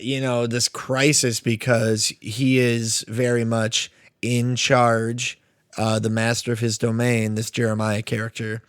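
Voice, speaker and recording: Young man, podcast co-host, rambling casual chat, mid pitch, dry close sound. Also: no room sound. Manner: rambling, filler-heavy, swearing. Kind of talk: casual chat about movies.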